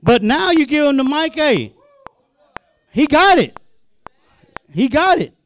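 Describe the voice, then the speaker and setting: High-voiced, excitable male minister. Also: slow pace. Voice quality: excitable, repetitive and colloquial. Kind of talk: sermon.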